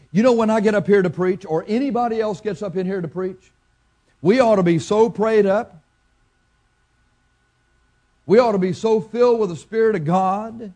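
Fervent older preacher man. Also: fairly high pitch. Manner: fervent preaching that swells to loud emphatic peaks. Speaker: pastor. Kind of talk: sermon.

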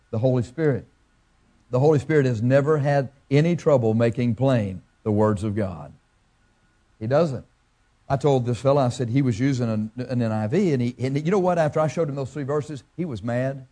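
Pastor, male, preaching. Folksy, asks the room questions, mellow tone. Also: medium pitch, lively intonation, normal speed. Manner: farm analogies. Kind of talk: sermon.

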